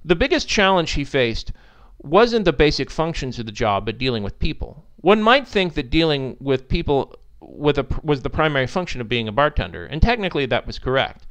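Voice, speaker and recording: A man narrating a story in an expressive, animated reading style. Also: medium pitch, brisk, clean tone.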